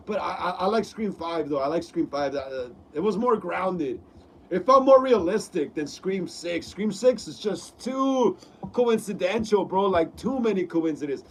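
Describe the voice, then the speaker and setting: A man's voice: high voice, poor audio. A man hosting a casual live stream who rambles, repeats words and reads chat messages aloud. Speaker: host.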